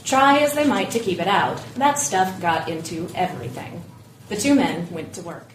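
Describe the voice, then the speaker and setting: A woman's voice: fairly low pitch, lively intonation, normal speed. Woman narrating a story in an echoey room. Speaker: guest reader. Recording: echoey room from a distance with faint noise.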